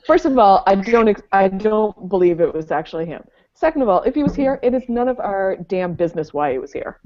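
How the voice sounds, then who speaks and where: A woman on a casual panel chat, talking in an animated, emphatic way and laughing often. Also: mid-range voice, fairly quick. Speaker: panel host. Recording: dull lo-fi online call audio.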